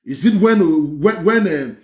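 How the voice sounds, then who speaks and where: A man with a Nigerian accent giving animated political commentary on clips. He is excited and mocking, laughs often, and mixes Pidgin with English. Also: fairly high pitch, measured pace, roomy sound.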